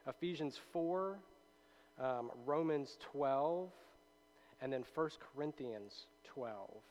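A man's voice: mid-range voice, slow pace, a little mellow, low-quality recording. Man teaching scripture conversationally. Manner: conversational, with many fillers and tag questions. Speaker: Bible teacher. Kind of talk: casual Bible study teaching.

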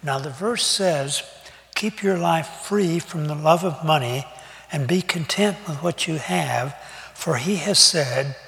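An older man giving a sermon, talking in a conversational, folksy way with pauses and fillers. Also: a little high, creaky, fairly bright tone. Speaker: preacher. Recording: long reverb of a hall.

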